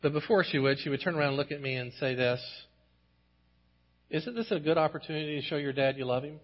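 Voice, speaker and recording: A male pastor delivers an earnest sermon, his voice a little husky and sitting somewhat high. He swells into impassioned emphasis at key lines. The recording is dull and lo-fi. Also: quick pace. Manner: earnest, rising to impassioned emphasis when quoting scripture.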